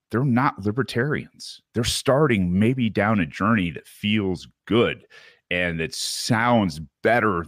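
A man's voice: low voice, a bit bright, no room sound, studio quality. A man from Michigan hosting a podcast, telling a candid, rambling story in a casual solo recap. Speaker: podcast host.

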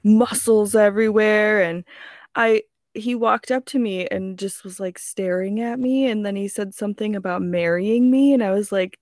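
A woman's voice: mid-range voice, fairly even intonation, moderate pace, a little mellow, no room sound, studio quality. A woman in her twenties on a podcast, telling a rambling story with lots of giggles. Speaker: podcast co-host. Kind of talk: casual storytelling chat.

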